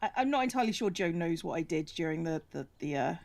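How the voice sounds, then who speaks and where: A woman's voice: fairly low pitch, expressive, quick pace, darkish tone, dry recording. A woman co-hosting a casual live stream, answering in a dry, teasing, matter-of-fact way. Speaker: co-host guest.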